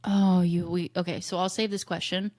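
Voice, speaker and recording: A woman's voice: on the low side, level tone, normal speed, darkish tone, dry recording, studio quality. A woman co-hosting a casual chat podcast, playfully reading questions to her friend. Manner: asks questions from a list, playful. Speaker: podcast co-host.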